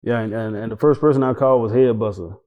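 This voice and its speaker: A man tells his story in a casual interview, acting out each exchange with lively energy and plenty of profanity. The sound is dull and lo-fi, with a long roomy reverb trailing each line. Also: mid-range voice, fast talker. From Tampa, Florida. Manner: animated, acts out dialogue, swears freely. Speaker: interview guest.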